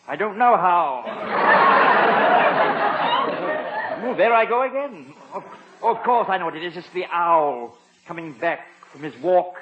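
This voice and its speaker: Prim English butler. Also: male voice, sits high, expressive, slow pace, long pauses, over a noisy crowd, very noisy. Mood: flustered. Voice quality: prim and formal, dry quips. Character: fussy, polite English male butler, wry. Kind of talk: 1950s radio sitcom acting. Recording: dull 1950s radio recording.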